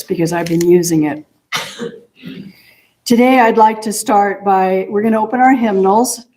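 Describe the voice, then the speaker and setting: A woman minister giving a gentle, chatty sermon in a church and laughing often. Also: mid-range voice. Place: church sanctuary.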